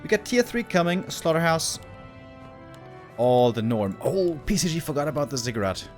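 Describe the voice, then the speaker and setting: A man's voice: a little high, big pitch swings, moderate pace, soft background music. A man giving live commentary on a strategy game match, chatty, exclaiming at big plays and drifting into casual asides to viewers. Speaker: esports caster.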